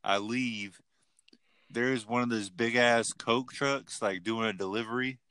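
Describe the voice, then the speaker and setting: A man's voice: mid-range voice, steady tone, measured pace, pushed and bright, smooth. A young man co-hosting a podcast, telling a rambling, profane story in casual chat. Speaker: podcast co-host.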